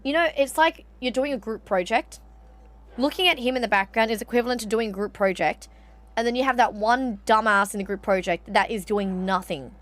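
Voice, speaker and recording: A woman, live-streaming a video game and chatting casually, animated, ranting and swearing freely. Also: on the high side, a little fast. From Australia. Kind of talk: casual gaming stream chat.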